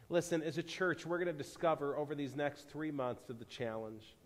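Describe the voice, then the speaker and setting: Earnest pastor preaching in an echoing hall. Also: male voice, mid-range voice. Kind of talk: sermon. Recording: reverberant church hall.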